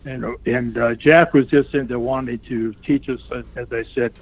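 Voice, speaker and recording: A man's voice: mid-range voice, normal speed. Older man telling a story over a tinny line. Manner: animated storyteller who acts out the other people's lines; laughs often while telling the story. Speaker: wrestling guest telling a story. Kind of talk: casual anecdote in a remote interview.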